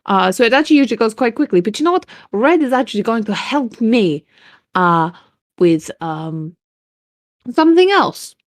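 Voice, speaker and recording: A woman's voice: fairly high pitch, sing-song, dry recording, studio quality. A young woman acting as game master, narrating a tabletop game casually with playful laughs. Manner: laughing, playful, quick to joke.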